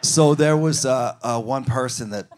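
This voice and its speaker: A man on a fan panel telling a rambling, animated story with loud acted outbursts. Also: mid-range voice, unhurried, background noise. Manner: animated, swings into loud shouting impressions. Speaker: band member on a fan panel.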